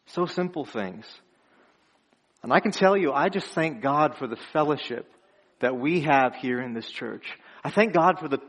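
A young man preaching from the front of his church in a fairly high voice. He tells stories in an earnest, chatty way and chuckles between his phrases. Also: a bit bright. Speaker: pastor. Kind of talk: conversational sermon.

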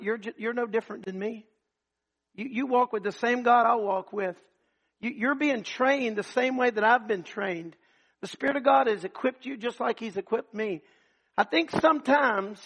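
A man preaching a sermon in a high, gravelly voice with a husky edge. He moves between loud, emphatic passages and hushed, quiet ones while telling testimony stories.

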